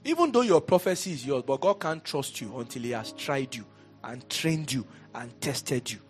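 A man with a Nigerian accent preaching a lively sermon in a church, with asides to the congregation that rise to shouts. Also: mid-range voice, normal speed, soft background music. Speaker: pastor. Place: church hall.

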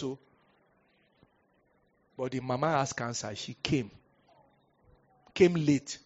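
A male pastor with a Nigerian accent preaching a storytelling sermon. He is animated and humorous, slips into pidgin and bursts out loudly at times. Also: medium pitch, slow, long pauses, dull audio. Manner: animated, humorous, breaks into pidgin, sudden loud outbursts.

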